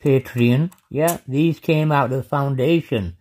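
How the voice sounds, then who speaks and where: Bloke showing off coins, slow and drawn out, keeps saying mate. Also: male voice, medium pitch, a little mellow. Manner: chatty, says "mate" and "yeah" constantly. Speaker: coin collector showing coins. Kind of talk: casual show-and-tell vlog.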